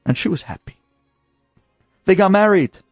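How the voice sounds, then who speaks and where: A man telling an inspirational story with dramatic, animated delivery, slipping in Hebrew and Yiddish terms. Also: sits high, normal speed, dry recording, clean studio sound, soft background music.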